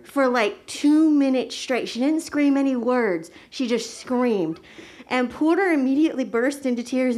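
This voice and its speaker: A woman's voice: high voice, moderate pace. A woman telling a childhood story to a group, laughing often as she talks.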